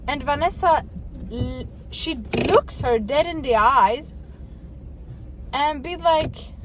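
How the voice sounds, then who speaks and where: Slow-talking woman in a noisy car. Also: high-pitched, lively intonation. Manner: chatty, swears freely, many fillers. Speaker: vlogger. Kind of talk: casual chat while driving. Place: inside a car. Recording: loud car road noise.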